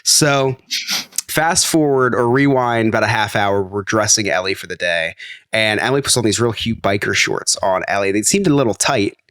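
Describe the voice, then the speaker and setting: A man's voice: lowish voice, normal speed, clean tone, no room sound, clean studio sound. A congested young man co-hosting a podcast, telling a funny story and laughing as he goes. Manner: animated storyteller, laughs through his own story. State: a little congested. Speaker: podcast co-host. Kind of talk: casual storytelling chat.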